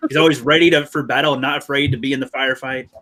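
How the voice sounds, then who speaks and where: A man on a live stream panel, enthusiastic and laughing often as he retells movie scenes with quick quoted lines. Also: medium pitch, steady tone, pushed and bright. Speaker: panel guest. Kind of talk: casual live stream chat.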